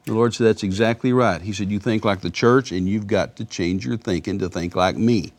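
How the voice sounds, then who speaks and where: A man's voice: lowish voice, a little fast. A man in his sixties, a guest minister in a broadcast interview, telling stories in a folksy way and often repeating words.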